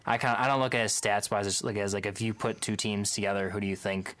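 Lower-voiced man weighing in hesitantly. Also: little pitch movement, fast talker, fairly bright tone. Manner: hesitant, restarts often. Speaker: sports pundit. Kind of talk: casual sports chat.

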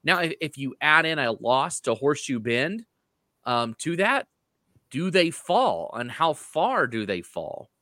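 Bright-voiced man hedging on a podcast. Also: fairly high pitch, sing-song, measured pace, no room sound, clean studio sound. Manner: hedging, thinks aloud, stresses he is neutral. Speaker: podcast co-host. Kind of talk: casual sports podcast chat.

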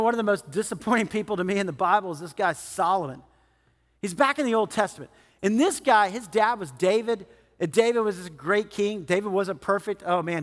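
Male preacher, animated and chatty, high-pitched, reverberant sanctuary. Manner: animated, conversational, acts out quotes. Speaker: pastor. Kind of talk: sermon.

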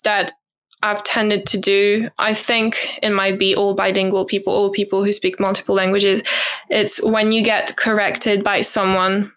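A woman's voice: mid-range voice, fairly bright tone. A young woman whose first language is French, speaking with a British twang as a guest in a casual interview. She is thoughtful and hesitant, with many ums and light laughs. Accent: British English twang. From French-speaking country. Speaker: guest, au pair.

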